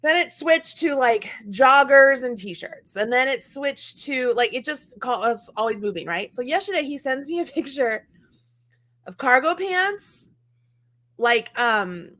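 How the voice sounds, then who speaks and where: A woman host in a casual chat, telling animated stories, laughing and mimicking others. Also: high-pitched, unhurried. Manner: animated storyteller, laughs often, mimics voices.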